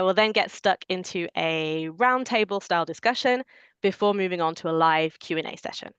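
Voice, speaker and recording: A woman hosting a webinar, giving clear, organized announcements over a video call. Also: fairly low pitch, a bit bright, no room sound, dull audio. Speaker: webinar host.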